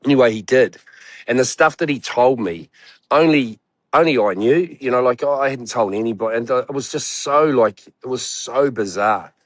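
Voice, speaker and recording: A man's voice: medium pitch, moderate pace, a bit bright, no echo. A man, a guest telling a long personal story in casual chat, rambling and swearing with many fillers. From New Zealand.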